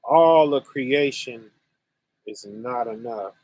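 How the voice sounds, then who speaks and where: A man hosting a religious online conference, teaching scripture casually and speaking slowly and deliberately to his chat viewers, often asking "right?". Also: medium pitch, a little mellow, dry recording. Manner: slow and deliberate, addressing chat viewers directly; conversational, with frequent "right?" and "you know".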